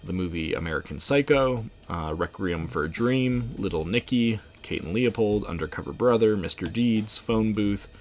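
A man co-hosting a podcast in casual chat, relaxed, with many fillers and frequent laughs. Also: on the low side, moderate pace, few pauses, soft background music. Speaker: podcast co-host.

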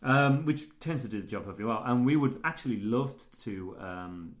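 A man co-hosting a podcast, chatty and self-deprecating, with a lively, swinging voice at a middling pitch. He talks in loose, rambling runs full of fillers. The sound is roomy and echoey, caught on a portable recorder. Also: moderate pace. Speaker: podcast co-host. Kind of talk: casual chat.

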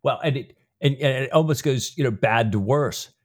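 A man's voice: medium pitch, normal speed. A man co-hosting a podcast about a novel, sharing his reactions with frequent restarts. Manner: shares reactions with restarts and 'I'm thinking' asides. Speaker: podcast co-host. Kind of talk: book discussion chat.

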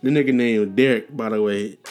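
A man's voice: lowish voice, a little fast, darkish tone, faint music behind. A young man hosting a casual storytelling podcast, talking loose and profane with slang, restarts and tangents. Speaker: podcast host.

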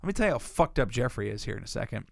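A man's voice: medium pitch, big pitch swings, rapid-fire, vocal fry, no echo, clean studio sound. A man co-hosting a casual podcast, telling rambling, profane stories and acting out what people said. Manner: rambling profane storyteller who acts out quotes. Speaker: podcast co-host.

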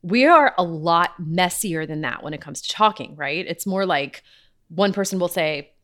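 A woman's voice: fairly low pitch, animated, normal speed, a bit bright. A woman podcast host and writing coach giving casual, upbeat tips, often laughing at herself. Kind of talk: casual teaching talk.

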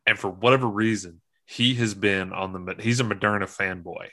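Bright-voiced joking podcast co-host man. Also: lowish voice, fairly even intonation, moderate pace. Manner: joking, jumps into mock-serious quotes. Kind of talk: casual chat.

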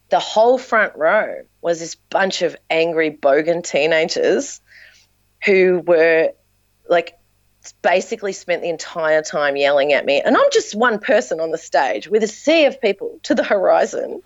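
Lively Australian woman telling stories. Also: low voice, no room sound, lo-fi sound. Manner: animated storyteller, acts out quotes. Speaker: dance teacher and performer. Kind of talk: casual podcast chat.

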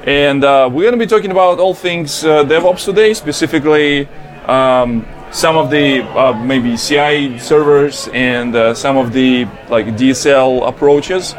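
A man with a Russian accent hosting a casual podcast chat from a booth at a conference, talking haltingly with many fillers. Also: medium pitch. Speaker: podcast host.

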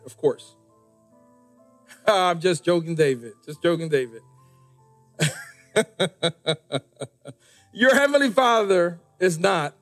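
A middle-aged male pastor preaching a sermon, repeating key lines and stretching words for emphasis, with light jokes to the congregation. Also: high-pitched.

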